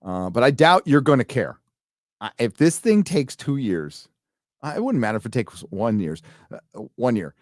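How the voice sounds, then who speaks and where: A man's voice: medium pitch, very animated, normal speed, dry recording, clean studio sound. A man reviewing a TV show in a casual live commentary, blunt and sarcastic, full of fillers and restarts. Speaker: video reviewer.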